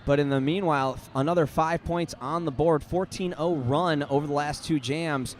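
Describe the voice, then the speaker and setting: An American man with a fairly high voice calls live roller derby play-by-play, reading the lineups and tossing in jokey, punny asides. Faint venue noise hums behind him. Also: fairly even intonation, moderate pace. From United States. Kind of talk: live sports commentary.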